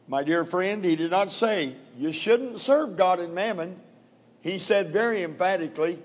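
A middle-aged man preaching a sermon, reading scripture in a measured, deliberate way and leaning on key words. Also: high-pitched, expressive. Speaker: pastor. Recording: long hall reverb.

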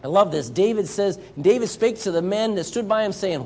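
This Southern US missionary preaches briskly with hardly any pauses, his voice high. He animatedly plays out the Bible characters in his sermon.

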